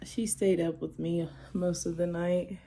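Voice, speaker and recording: A young woman crying on and off as she talks to her camera. Her voice is mellow and dark, with a gravelly fry running through it, and she rambles and restarts as she talks. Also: lowish voice, flat delivery, a little slow, a little hiss or hum. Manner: emotional, tearful, rambling. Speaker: vlogger. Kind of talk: personal vlog, talking to camera.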